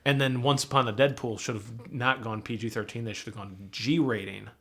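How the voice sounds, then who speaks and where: A man's voice: medium pitch, steady tone, fairly quick, fairly bright tone. A young man co-hosting a podcast in casual chat, laid-back, with lots of fillers and swearing. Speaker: podcast co-host.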